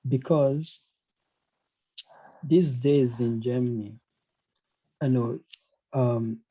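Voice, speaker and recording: A man's voice: medium pitch, extremely slow, dark tone, breathy edge, low-quality recording. A man teaching a casual online language lesson, hesitant, with many fillers and restarts. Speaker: German teacher.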